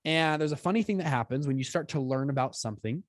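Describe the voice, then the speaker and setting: A young man in his twenties tells a story as a podcast guest, his voice on the higher side. He talks quickly and with energy, and he acts out quotes with big jumps in pitch. The sound is dry and close, with no room around it. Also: animated, dry recording. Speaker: podcast guest, fund founder. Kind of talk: storytelling in conversation.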